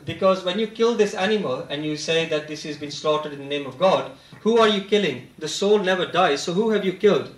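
A man giving a religious talk, earnest and deliberate, slowing to stress the verses he quotes. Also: fairly high pitch, lively intonation, roomy sound, rough recording. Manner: earnest, deliberate, emphatic when quoting. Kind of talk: lecture quoting scripture.

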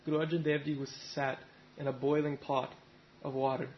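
A man's voice: mid-range voice, flat delivery, brisk, lo-fi sound, slight background noise. A man giving a Sikh sermon, retelling a story and speaking its characters' lines in his own plain voice. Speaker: Sikh preacher.

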